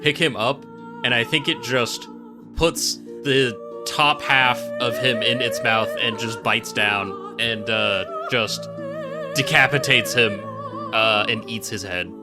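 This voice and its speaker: A tabletop game player narrates in a relaxed, rambling way, full of fillers. His voice sits at middle pitch. Music is clearly heard behind him. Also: slow pace. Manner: loose, with many fillers.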